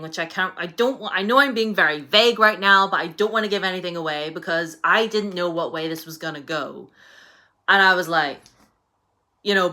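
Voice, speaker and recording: Young woman, chatty book vlogger, bright tone, lowish pitch, lots of fillers. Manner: chatty, animated, many fillers like "you know". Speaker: book reviewer. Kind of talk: casual book review vlog.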